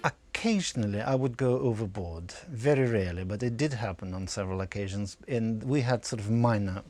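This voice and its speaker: A man's voice: on the low side, fairly quick, a little mellow, faint music behind. A male radio presenter answering interview questions candidly and wryly, with small hesitations.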